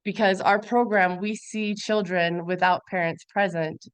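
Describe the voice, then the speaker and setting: Brief: woman presenter on a webinar, low smooth voice, dry close sound, earnest and chatty. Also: steady tone, a little slow, no echo. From Montana. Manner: earnest, conversational with frequent fillers. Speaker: guest presenter. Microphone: video call.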